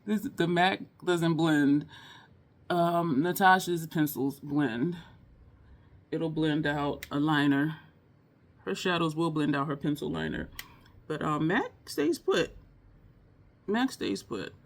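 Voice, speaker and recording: A woman with a low, expressive voice speaks slowly, leaving long pauses. She's a beauty vlogger filming a casual makeup tutorial at home, chatting with viewers, laughing often, sometimes teary-eyed, and calling them "y'all."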